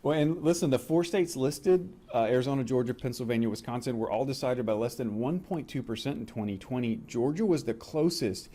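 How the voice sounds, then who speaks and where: A man with a mellow, darker voice runs a relaxed quiz. He reads each question deliberately and repeats it, so his guests can follow along. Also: medium pitch. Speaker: quiz host. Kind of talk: casual quiz show chat.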